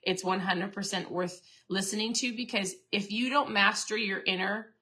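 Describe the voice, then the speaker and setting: Bright-voiced chatty woman host. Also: mid-range voice, fairly even intonation, moderate pace. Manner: chatty, earnest, restarts and repeats herself. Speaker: podcast host and keto coach. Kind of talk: casual motivational talk.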